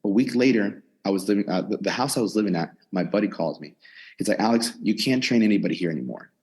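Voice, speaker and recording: Husky-voiced young man telling his story. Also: on the low side, fast. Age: 20s. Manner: animated storyteller, quotes himself and others. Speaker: gym owner and personal trainer. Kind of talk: casual storytelling interview. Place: his gym in a converted storage unit.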